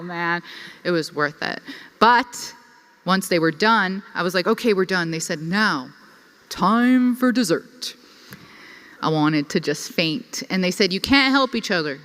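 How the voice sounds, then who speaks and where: A woman's voice: on the low side, normal speed. A young woman telling a personal story to a conference audience, chatty and full of "like". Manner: lively, chatty, filler-heavy with frequent "like". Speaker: conference speaker. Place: conference hall. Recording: reverberant hall.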